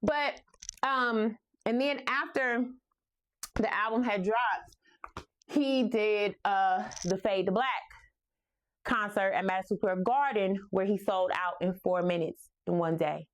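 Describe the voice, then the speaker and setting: A woman's voice: medium pitch, takes it slowly. A woman in her forties with a New York accent, hosting a casual, playful music talk and laughing often. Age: 40s. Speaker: host. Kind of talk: casual storytelling about music.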